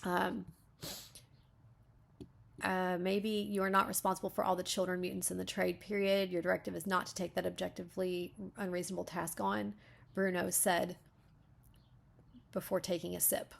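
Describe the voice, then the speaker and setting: A woman's voice: on the low side, little pitch movement, normal speed, gravelly, long pauses. A woman reading a story aloud as a beta reader, breaking off to comment on the writing.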